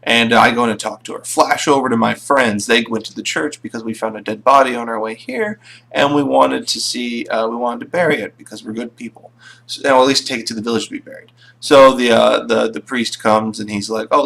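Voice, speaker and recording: A man's voice: medium pitch, vocal fry, fairly bright tone. A man casually recapping his tabletop game sessions, rambling with plenty of fillers. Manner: rambling, full of fillers and restarts.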